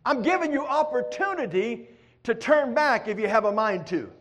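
A middle-aged man preaching a sermon, acting out prayers in a raised pleading voice, then dropping low. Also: expressive, normal speed, a bit bright.

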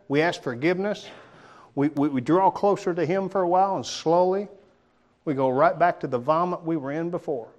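A male preacher delivers a sermon in a casual, folksy manner. His voice sits a bit high. He often drops to a hushed, pointed tone for emphasis. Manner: conversational, folksy, with dramatic drops and quiet emphasis.

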